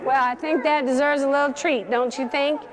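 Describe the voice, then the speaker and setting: A woman's voice: high voice, steady tone, fairly quick, a crowd in the background. A woman dog trainer leading a hands-on class, giving direct instructions and coaxing the dogs in a sing-song. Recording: long hall reverb.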